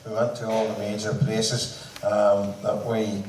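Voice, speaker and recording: Man, low voice, anecdotal stage patter, recorded from far back in a reverberant hall. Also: completely flat delivery, a little slow, darkish tone. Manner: joking, anecdotal, quotes others in dialogue. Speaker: band member speaking at a concert. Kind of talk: storytelling speech to an audience. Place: large hall, speaking to a seated crowd. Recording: echoey hall from far off, faint noise.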